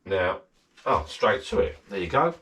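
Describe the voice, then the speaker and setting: A man with a fairly low voice hosts a casual, chatty vlog from his garden shed bar. He rambles, circles back and repeats himself, talking straight to the viewer in a friendly way. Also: big pitch swings, unhurried, a bit bright. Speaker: channel host.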